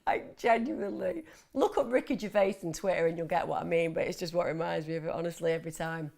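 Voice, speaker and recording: A woman's voice: on the low side, fast talker, gravelly. Chatty woman host. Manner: chatty, animated, laughs often, mimics voices. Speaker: host of a mental health Q&A livestream. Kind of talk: casual live chat, reading viewer questions.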